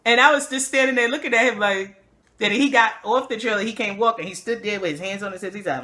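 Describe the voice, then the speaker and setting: A young woman hosting a casual chat, telling stories in a slangy, animated way and imitating other people. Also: mid-range voice, fast talker. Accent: New York. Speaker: host.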